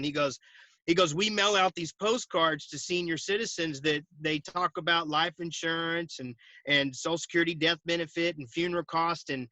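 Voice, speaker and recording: A man in his forties telling a story in an interview over a video call, animated and laughing often as he acts out the dialogue. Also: fairly high pitch, no echo. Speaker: guest, insurance agency owner. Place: at home.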